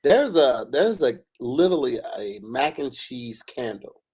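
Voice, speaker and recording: A man co-hosting a casual podcast, reading a sponsor ad and chatting, hyping with slang and rising shouts. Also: mid-range voice, sing-song, a little slow, slightly rough. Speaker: podcast co-host. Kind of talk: casual podcast ad read and chat.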